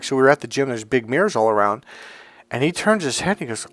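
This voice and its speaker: Speaking quickly in a medium-pitched voice, a middle-aged man who works as an NLP trainer delivers an informal motivational talk. Along the way he tells stories, plays out bits of dialogue, and adds animated asides.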